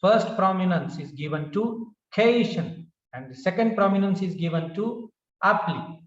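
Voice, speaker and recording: A man with an Indian English accent teaching English word stress, slowly repeating each word, with frequent "uh" fillers. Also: sits high, lively intonation. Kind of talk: classroom pronunciation lesson. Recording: dull, roomy recording from a distance.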